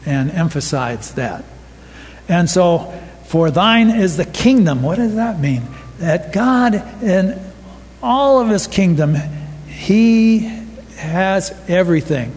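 Slow, high-voiced man preaching in a hall. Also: a little mellow. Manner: unhurried, with many pauses and restarts. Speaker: pastor. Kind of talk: sermon.

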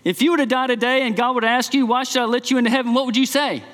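Brief: an earnest, blunt young boy, voiced by a male preacher, higher pitched and echoing in a hall. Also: fairly even intonation, fast talker, a bit bright. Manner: earnest, direct questioning. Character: earnest awkward twelve-year-old boy. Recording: long hall reverb.

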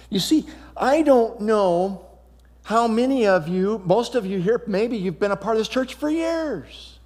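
High-voiced man preaching in a hall. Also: unhurried. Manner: animated preaching, acts out Bible dialogue, asks the crowd questions. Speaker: pastor. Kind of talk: sermon. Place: church sanctuary. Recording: long hall reverb.

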